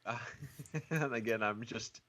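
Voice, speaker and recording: A man leading a casual movie podcast discussion, relaxed and self-deprecating, with hesitant fillers. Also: medium pitch, unhurried, very noisy. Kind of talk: casual chat about movies.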